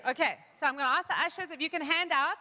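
Preaching quickly in a church hall, a woman pastor tells her own story in an informal, talkative style, often beginning sentences again and quoting what she said. Her voice is a touch high and bright, with long echoes lingering behind each line.

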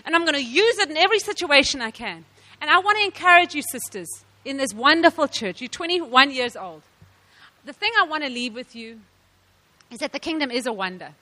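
A woman from South Africa giving a sermon to women, telling stories with animated laughs. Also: high voice, a little fast, long reverb tail. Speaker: women's ministry speaker.

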